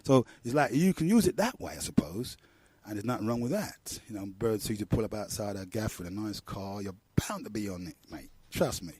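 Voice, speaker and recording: Middle-aged London radio host, rambling and slangy, warm low-key tone, dry close sound. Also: male voice, expressive, fairly quick, slightly rough, no room sound. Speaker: radio talk show host. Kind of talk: casual monologue.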